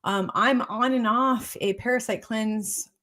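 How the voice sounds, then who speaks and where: A woman's voice: on the high side, measured pace, a bit bright. A woman doctor talks her listeners through a health routine in a loose, conversational way. She circles back over her points and keeps checking that they follow her. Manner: repetitive, keeps checking in with "okay?" and "right?". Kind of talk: casual health talk explaining a protocol.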